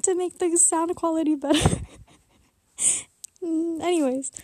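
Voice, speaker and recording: A woman's voice: very high voice, fairly even intonation, a little slow, a little mellow, dry recording. A teenage girl talking in a casual, rambling monologue from under a blanket, a little out of breath, with giggly asides. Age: teens. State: slightly out of breath.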